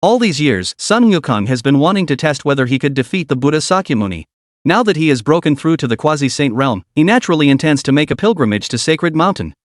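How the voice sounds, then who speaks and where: A man voicing a calm, elderly bearded sage god who speaks slowly and measuredly. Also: fairly high pitch, no room sound, clean studio sound. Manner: slow, measured.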